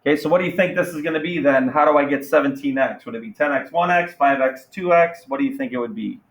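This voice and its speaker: A man teaching a math class, energetic and playful, firing questions at students. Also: medium pitch, quick pace, poor audio. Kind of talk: classroom lesson.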